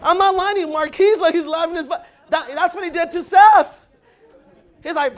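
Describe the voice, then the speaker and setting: Speaking a bit quickly in a very high voice, a man fires up new recruits with a loud, punchy motivational talk, checking whether the crowd is with him as they shout back. When quoting others, he performs them in changed voices.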